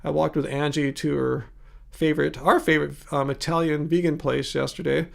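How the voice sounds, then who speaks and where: A man's voice: fairly high pitch, level tone, normal speed, vocal fry. A man in his fifties hosting a casual livestream. He chats in a rambling way, reads viewer comments aloud and thanks viewers by name. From California. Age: 50s. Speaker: livestream host.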